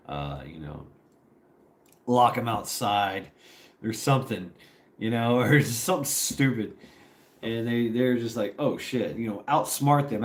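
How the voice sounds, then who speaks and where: A man, a former Marine, telling a story to a live audience in a rambling, profane way with lots of fillers. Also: on the low side.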